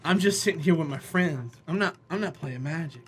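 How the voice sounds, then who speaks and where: A streamer voicing an aloof young man who insists he is too cool for the game, in a low, mumbled, dismissive tone. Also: fairly quick, natural voice.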